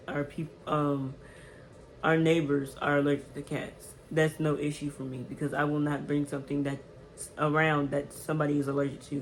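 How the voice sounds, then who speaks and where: Animated woman telling a storytime. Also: deep voice, a little hiss or hum, rough recording. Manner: animated, emphatic retelling with slang and repeated words. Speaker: vlogger. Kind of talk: casual storytime.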